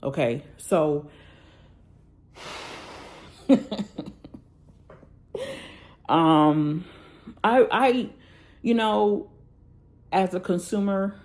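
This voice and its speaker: A planner vlogger, a woman with a fairly low, slightly mellow voice, draws out her words and pauses often while angrily venting about a bad order. In this casual rant she's blunt and checks in with her audience using "y'all" and "okay?"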